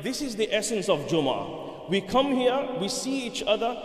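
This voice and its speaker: A man preaching a sermon, telling a story with animated swings between loud and hushed. His voice sits a little high for a man. A long hall reverb hangs around each phrase. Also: moderate pace. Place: mosque hall. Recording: echoey hall.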